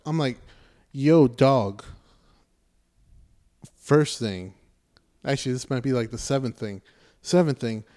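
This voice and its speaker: Podcast co-host, man, mellow and dark-toned, sarcastic and animated storyteller, casual and profane. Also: mid-range voice. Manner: animated retelling, acts out characters' lines with sarcasm. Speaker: podcast co-host reviewing a movie.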